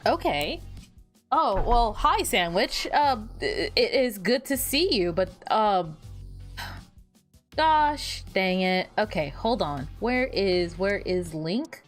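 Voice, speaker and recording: A young woman VTuber streamer chatting casually while she fiddles with her setup, animated and giggly, often repeating words and laughing at her own jokes. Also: medium pitch, slow pace, soft background music. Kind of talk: casual livestream chat.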